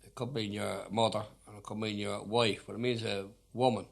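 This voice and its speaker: Between unaccompanied ballads on an old archival recording, a man with a Dublin accent makes wry, hesitant remarks full of fillers. He speaks briskly in a lowish, creaky voice with a level tone.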